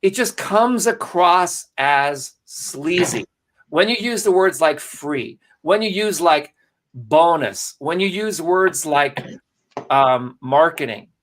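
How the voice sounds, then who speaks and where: A man co-hosting a live marketing broadcast, talking casually and greeting viewers by name. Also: high-pitched. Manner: animated, salesy, addresses viewers by name. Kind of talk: casual live-stream presentation.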